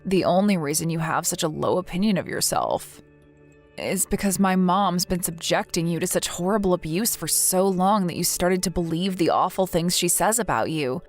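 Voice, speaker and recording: A woman's voice: on the low side, expressive, moderate pace, soft background music. Earnest woman in a text story. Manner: earnest, indignant and protective.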